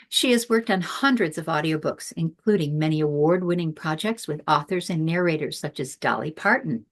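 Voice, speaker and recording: A woman hosting a casual podcast over a video call, chatty and laughing at her own asides. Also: lowish voice. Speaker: podcast host.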